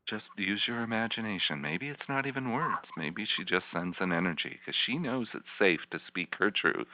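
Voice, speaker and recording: A man, a healing practitioner, leading a volunteer through slow guided imagery with soft, repetitive, soothing coaching. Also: fairly low pitch, expressive, a little hiss or hum. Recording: dull lo-fi teleconference line.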